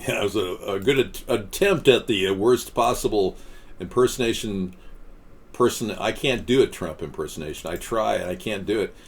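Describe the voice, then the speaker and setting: A man's voice: lowish voice, moderate pace. A man hosting a casual political chat show, rambling and sarcastic as he reads viewer comments. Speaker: host.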